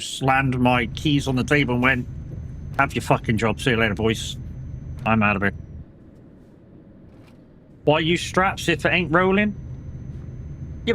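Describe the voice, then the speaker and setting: A young British man talks through a trucking game in a loose, rambling way, swearing freely as he recalls past work. His voice sits at an ordinary mid pitch, and a faint noise runs under it. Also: a bit bright. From United Kingdom. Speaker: streamer. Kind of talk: casual chat while gaming.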